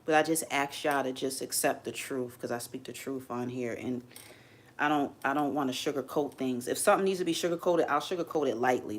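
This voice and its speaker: A woman's voice: extremely low pitch, slight background noise. A woman hosting a casual livestream, talking candidly and rambling, openly emotional as she speaks to viewers from her home setup. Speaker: livestream host. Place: home streaming setup under bright lights.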